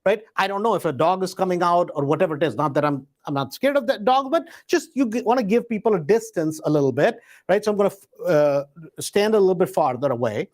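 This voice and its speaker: A man teaching real estate investing in a loose, conversational way, often checking in with the listener with a quick "right?". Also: high-pitched, animated. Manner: conversational, peppers points with a tag question "right?"; acts out door-knocking scripts in a hesitant, searching tone. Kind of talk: live instructional talk.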